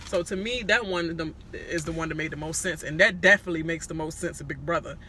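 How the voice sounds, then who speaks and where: A woman rants through a reality-show recap in a very bright, sharp voice, blunt and profane. Faint vehicle noise sits behind her. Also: deep voice, fast talker. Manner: blunt, profane, animated ranting. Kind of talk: casual recap commentary.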